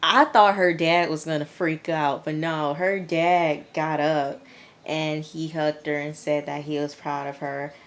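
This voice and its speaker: A woman's voice: low-pitched, flat delivery, measured pace. A young woman reviewing a TV episode for her viewers, chatty and candid, addressing them as y'all. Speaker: TV review vlogger. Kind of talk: casual chat to viewers.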